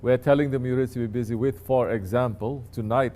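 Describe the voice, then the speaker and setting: A man's voice: mid-range voice, steady tone, brisk, dark tone. A man, a sheikh, teaching his disciples in a conversational sermon, often turning to ask listeners if they understand.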